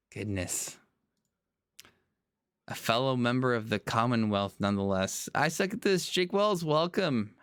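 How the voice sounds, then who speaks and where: A man commenting on a sim racing stream live, chatty and quick to apologize and laugh at himself. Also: on the low side, fairly bright tone, clean tone, no room sound, studio quality. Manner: apologetic, self-deprecating, chatty.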